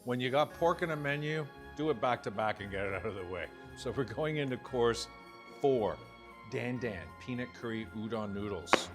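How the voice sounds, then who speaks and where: A man's voice: mid-range voice, lively intonation, normal speed, over music. A man in his fifties, a chef giving a chatty, joking cooking demonstration. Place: home-style kitchen. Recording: kitchen clatter of pans and cutlery.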